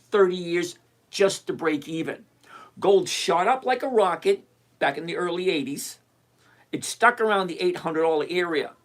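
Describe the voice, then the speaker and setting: An older retired man hosting a live stream, chatting casually and emphatically as he answers viewers by name. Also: high-pitched. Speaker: livestream host answering viewer questions.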